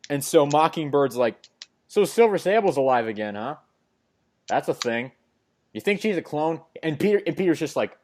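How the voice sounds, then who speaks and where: A man's voice: fairly high pitch, expressive, moderate pace, a little mellow. A man hosting a casual comic book podcast, recapping an issue with many fillers and acted-out quotes. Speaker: podcast host.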